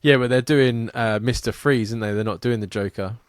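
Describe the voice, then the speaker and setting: A man's voice: mid-range voice, brisk, no echo, clean studio sound. A man co-hosting a podcast in casual, rambling, sweary chat. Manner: rambling, sweary, laughs a lot. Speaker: podcast co-host.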